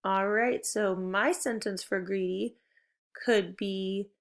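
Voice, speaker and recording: Woman teacher for a kids' video lesson: mid-pitched, encouraging, spells out words slowly. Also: fairly even intonation. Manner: encouraging, clearly paced instructions; stretches out target words slowly. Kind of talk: recorded video lesson for children.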